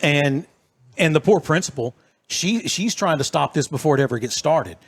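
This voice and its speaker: A fairly high-pitched man with a drawl spins a story for his co-host, jumping into the voices of everyone in it. His delivery is animated and chatty, a casual podcast storyteller. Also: normal speed, slightly rough. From East Texas. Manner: animated storyteller acting out quotes.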